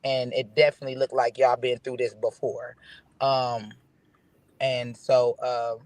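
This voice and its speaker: A man speaking over a phone on a live panel, halting with many fillers. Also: mid-range voice, little pitch movement, no room sound. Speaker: panel guest.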